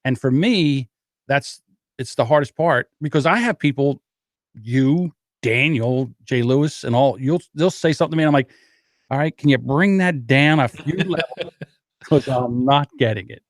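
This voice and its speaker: A man's voice: medium pitch, moderate pace, no echo, clean studio sound. A man talking as a podcast guest in casual chat, wry and plain-spoken. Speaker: podcast guest, audio editor.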